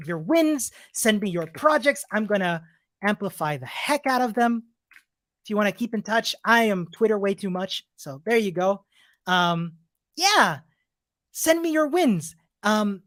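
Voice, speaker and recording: A coding bootcamp instructor wraps up a live-streamed class by answering viewer questions, sounding upbeat, encouraging and chatty. His voice is high and fairly bright, he laughs often between remarks and restarts sentences, and the studio-quality recording is dry.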